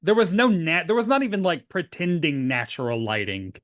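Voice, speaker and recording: A man from Tennessee co-hosts a casual podcast, his slightly high voice swinging widely as he acts out quotes. The sound is close and dry, with no room around it. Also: a little fast, no room sound. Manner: animated, laughs often, acts out quotes. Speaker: podcast co-host. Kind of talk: casual chat recapping a TV episode.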